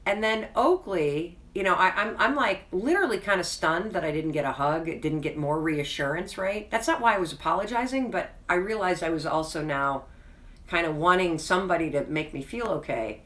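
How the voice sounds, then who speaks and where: Speaking at a normal speed in a lowish, fairly bright voice, this woman sits far from the mic as she hosts her own video. She shares a candid personal story with chatty, self-deprecating frankness, then ends on a sincere, encouraging pep talk.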